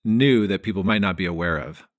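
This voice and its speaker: Male podcast host, lowish voice, easygoing, conversational. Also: fairly quick. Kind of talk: casual interview.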